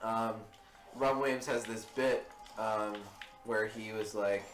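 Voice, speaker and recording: A man's voice: lowish voice, fairly even intonation, slow pace, fairly bright tone, echoey room, a little hiss or hum. A man riffing casually as co-commentator on a game video, laughing often and rambling through his stories. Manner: giggly, rambling joke-teller. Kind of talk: casual let's play banter.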